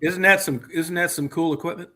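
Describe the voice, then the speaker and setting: A man's voice: on the high side, fairly even intonation, fairly quick, sharp tone. A man telling a heated, profane story in casual chat as the host.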